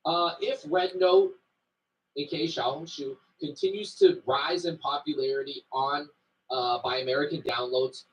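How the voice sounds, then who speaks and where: A man giving measured, explanatory commentary in a video. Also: a little high, far from the mic, poor audio.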